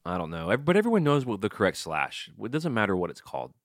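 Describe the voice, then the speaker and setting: A middle-aged man with a lowish voice co-hosts a podcast, reading listener emails and tossing in easygoing asides. His delivery is animated, with lively pitch. The sound is close and dry, with no room in it. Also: fast talker, dry recording. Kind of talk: casual comedic chat.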